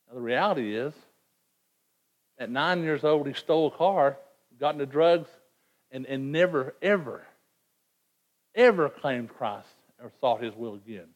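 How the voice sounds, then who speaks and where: A man's voice: mid-range voice, animated, measured pace, pauses often, highs cut off. A man preaching a sermon in an earnest, emphatic way, often repeating words as he presses a point. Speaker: pastor.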